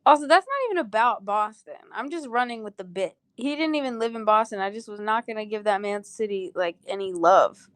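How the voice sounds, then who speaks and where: A woman's voice: fairly high pitch, fairly bright tone, clean tone, no room sound. Giggly swearing woman streamer, close and dry. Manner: giggly, rambling, swears freely. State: groggy. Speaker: singer on a livestream. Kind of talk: casual livestream chat.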